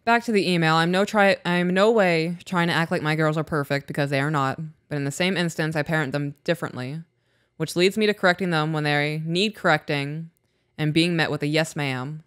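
A woman's voice: sits low, fairly quick, a bit bright, clean tone, no room sound, studio quality. Woman, podcast co-host, candid, reflective, reads listener emails, casual chat. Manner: candid, self-reflective, agreeable with many backchannels.

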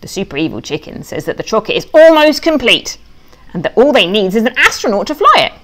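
A woman's voice: a little high, big pitch swings, a little fast, a bit bright. A woman author reading her own children's book aloud, telling it in a playful, childlike voice with cheerful bad grammar. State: tearful at moments.

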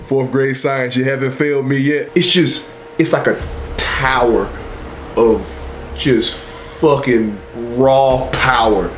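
Young man with a profane, animated storytelling voice. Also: mid-range voice, slow, slight background noise. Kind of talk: comedic storytelling.

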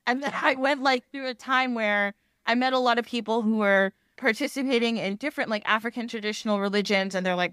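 A woman talking as a podcast guest in casual chat, rambling and animated, often laughing and acting out quoted voices. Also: a little high, fast, clear, resonant tone, no room sound, studio quality.

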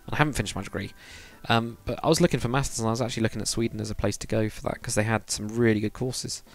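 A man's voice: lowish voice, steady tone, very fast, vocal fry. A young man, chatting casually on a live stream while building in a game, rambling and reading viewer comments aloud.

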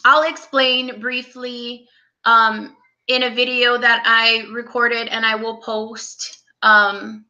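A young woman chats on a live stream, talking slowly in a bright, higher voice. She sounds close to tears and speaks softly as she greets viewers one by one. The sound is a little dull, as if from a webcam mic. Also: level tone. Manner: soft, tearful, greets viewers by name. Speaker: livestream host. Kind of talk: casual live-stream chat.

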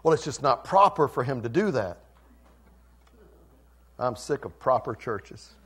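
A male pastor preaching a passionate sermon that swings between loud and soft. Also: mid-range voice, lively intonation, measured pace, husky.

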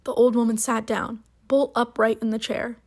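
Female storybook narrator, measured pace, slightly high voice. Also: little pitch movement, a little mellow. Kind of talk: reading a short story aloud.

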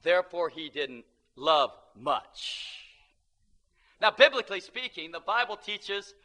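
A male preacher delivers a sermon in an emphatic, animated way and calls for amens. His voice sits high and swings widely in pitch. His tone is very bright and forceful. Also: slow pace.

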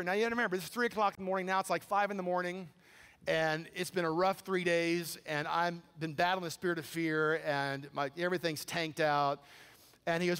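A man preaching a sermon, telling a story with animated, incredulous quoted dialogue. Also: high-pitched, a little fast. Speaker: pastor. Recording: long hall reverb.

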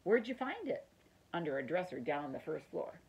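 A woman's voice: deep voice, sing-song, fairly quick, creaky, a little mellow, husky, highs cut off, exaggerated voice. A woman reading aloud, voicing a young, boastful male mouse in a storybook. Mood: proud. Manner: eager.

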